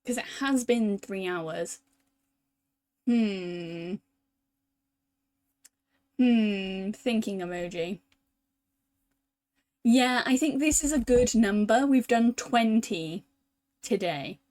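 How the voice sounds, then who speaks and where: A young woman from the UK chatting casually as a streamer while playing a visual novel, thinking out loud in a self-deprecating way. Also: fairly high pitch, lively intonation, drawn-out words, long pauses. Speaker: VTuber streamer.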